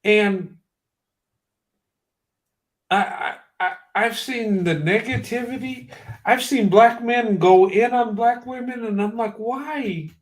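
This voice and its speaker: High-voiced, impassioned man in his fifties. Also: takes it slowly, long pauses. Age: 50s. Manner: emotional, emphatic, repeats himself. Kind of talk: impassioned personal testimony.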